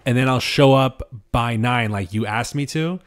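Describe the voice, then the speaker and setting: A man's voice: mid-range voice, moderate pace, clean tone. A young man co-hosting a podcast, telling laid-back stories and chiming in with agreement. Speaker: podcast co-host. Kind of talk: casual chat.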